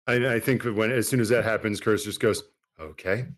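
A man's voice: on the low side, steady tone, fast. A man playing a tabletop game, laid-back, chuckling and thinking aloud. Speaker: player. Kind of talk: casual chat in a tabletop game.

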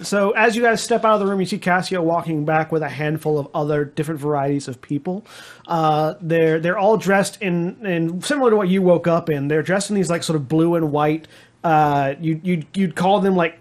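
A man's voice: on the high side, normal speed. A man narrating a tabletop game as game master, rambling with many restarts.

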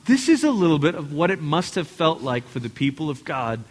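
Male pastor, high voice, lively preaching style, big reverberant church hall. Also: fairly quick. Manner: animated, acts out quotes, addresses congregation directly. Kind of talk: sermon.

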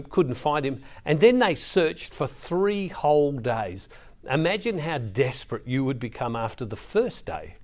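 A middle-aged man preaching, reading scripture and telling a family story with slow, emphatic pauses. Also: mid-range voice. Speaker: Catholic preacher.

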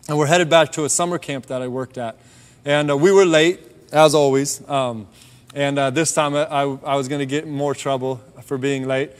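A man telling a personal faith story in a relaxed, conversational sermon, dropping softer on key points. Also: a little high, clean tone. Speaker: preacher sharing a testimony. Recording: long hall reverb.

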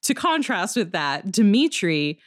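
A woman's voice: mid-range voice, sing-song, measured pace, dry recording, studio quality. A woman in casual podcast chat about a video game, chatty and laughing as she quotes characters.

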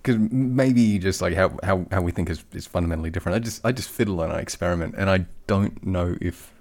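A man's voice: deep voice, fast, a little mellow. A man with an Australian accent hosting a casual interview, talking hesitantly with many restarts. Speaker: podcast host.

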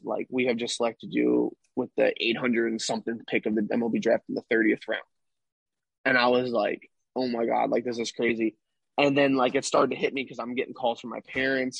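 A man's voice: medium pitch, steady tone, a little fast, gravelly, husky, no room sound. A young man, a baseball player, recounting his past as a guest in a casual interview, rambling and tagging lines with "right?". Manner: rambling, tag questions like "right?".

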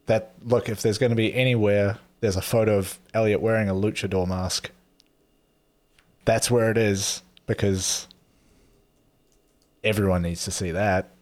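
A man's voice: lowish voice, steady tone, measured pace, pauses often, darkish tone. A man co-hosting a podcast, giving dry, laid-back plugs and asides. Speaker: podcast co-host. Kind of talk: casual podcast banter.

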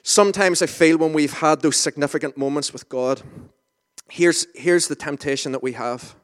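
A man's voice: on the high side, normal speed. A man preaching an informal sermon in a conversational, self-deprecating way, with asides and restarts. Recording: reverberant hall.

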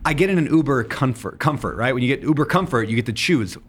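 A man's voice: medium pitch, expressive, fast, husky. A man hosting an interview podcast, speaking candidly and with self-deprecation about his own habits. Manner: candid and self-deprecating, with frequent short affirmations. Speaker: podcast host. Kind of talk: casual interview chat.

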